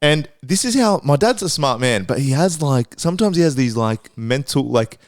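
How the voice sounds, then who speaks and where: A man co-hosting a podcast, casually telling a story with swearing and getting excited as it builds. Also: moderate pace, dry recording, clean studio sound. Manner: animated storyteller, swearing, rising pitch when excited. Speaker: podcast co-host. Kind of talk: casual chat.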